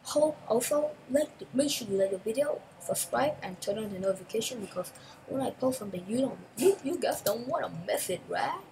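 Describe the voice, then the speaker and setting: A woman hosting a gaming channel, giving chatty, excitable gameplay commentary in broken English and repeating phrases. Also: on the high side, fairly quick, background noise.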